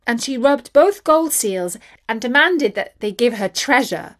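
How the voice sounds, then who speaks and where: Slow, expressive woman storyteller. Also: a little high. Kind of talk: children's story narration.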